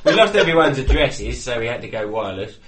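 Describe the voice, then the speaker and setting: A man's voice: mid-range voice, very animated, fast, a bit bright, roomy sound, a little hiss or hum. A man with an Essex English accent on a podcast, making dry wisecracks. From England. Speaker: podcast co-host. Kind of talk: casual podcast banter.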